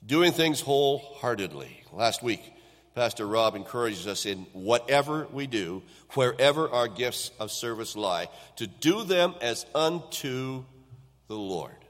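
A man preaching a Sunday sermon at a middle pitch. He pushes up loud on key phrases and lets the ends of his lines fall off quietly. His voice carries a long reverb tail through the church sanctuary. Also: big pitch swings, a little slow. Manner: swings between loud emphatic build-ups and quiet trailing endings. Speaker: pastor.

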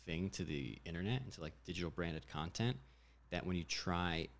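A man with a very low, deep voice talks loosely about his directing work. He rambles, filling his sentences with "like" and "you know", in a relaxed chat. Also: normal speed, a little hiss or hum. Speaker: commercial director. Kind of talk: casual chat.

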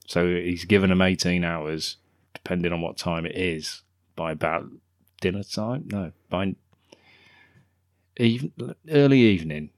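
A man's voice: deep voice, fairly even intonation, measured pace, no room sound, clean studio sound. A man co-hosting a casual film review podcast, joking and laughing often as he retells scenes. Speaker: podcast co-host.

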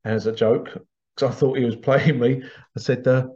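A podcast host talks in a casual, wandering monologue, restarting phrases and chuckling as he goes. His voice sits at an ordinary pitch with a dark, relaxed tone, and the recording sounds dull and lo-fi. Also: normal speed. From Britain. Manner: rambling, conversational, laughs often, frequent restarts.

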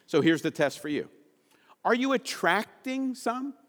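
A man's voice: high-pitched, sing-song, measured pace, big-room sound. A man preaching a sermon to his congregation, asking rhetorical questions and repeating key lines for emphasis. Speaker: pastor.

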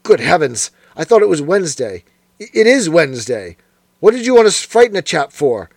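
A man reading aloud and voicing a dazed, opium-addled young gentleman who rambles plaintively. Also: on the high side, big pitch swings, a little fast, creaky, dry recording, exaggerated voice. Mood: confused. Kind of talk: audiobook character voice.

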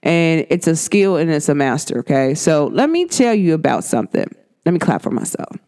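An astrology vlogger chats casually to camera in a deep voice at normal speed. She's animated and slangy, talking straight and directly to her viewers about astrology.

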